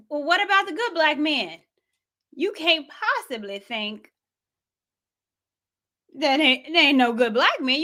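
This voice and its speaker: A woman's voice: sits high, pushed and bright. A woman hosting a show, giving sassy, casual commentary and talking back to clips. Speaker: host reacting to clips.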